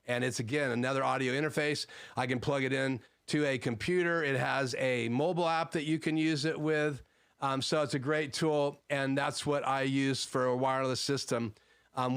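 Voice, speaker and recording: A man's voice: mid-range voice, fairly bright tone, smooth. A man hosting a live stream from his home studio, casually explaining his gear and answering chat questions with frequent fillers. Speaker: livestream host.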